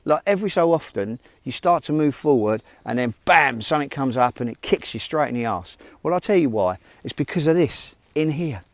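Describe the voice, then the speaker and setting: A self-help vlogger gives a casual motivational talk in a lively, medium-pitched voice, speaking a little fast with hardly any pauses. He's rambling, informal and frank, addressing his viewers directly, and there's no echo.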